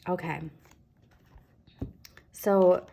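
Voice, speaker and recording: Encouraging woman reading tarot, gravelly low voice. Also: fairly even intonation, very slow. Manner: warm, encouraging, often asks "okay?"; fillers and restarts. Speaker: tarot reader.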